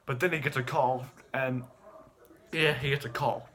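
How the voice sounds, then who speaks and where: A young man giving an animated plot recap, stammering and repeating words as he goes. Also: mid-range voice, normal speed. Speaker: online video host.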